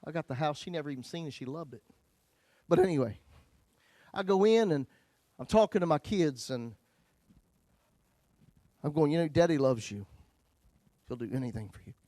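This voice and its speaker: A male pastor telling his own story in a sermon, folksy, swinging between loud bursts and hushed lines. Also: fairly high pitch, expressive, normal speed, pauses often, no room sound.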